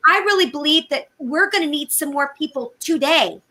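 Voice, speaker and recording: A woman's voice: high voice, animated, moderate pace, bright, forceful tone. A woman co-hosting a faith talk show, speaking in an earnest, preacherly way. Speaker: co-host.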